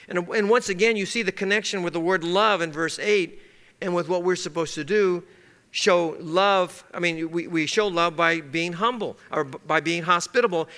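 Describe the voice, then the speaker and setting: A man's voice: sits high, bright, forceful tone. A male pastor giving a conversational sermon, now and then acting out short everyday scenes for his congregation. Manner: conversational, asks the congregation to circle words, acts out little scenes.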